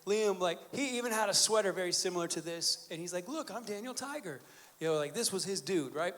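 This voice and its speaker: Chatty high-voiced man preaching. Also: quick pace, a bit bright. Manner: conversational, joking storytelling with fillers. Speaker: pastor. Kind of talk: sermon. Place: church sanctuary.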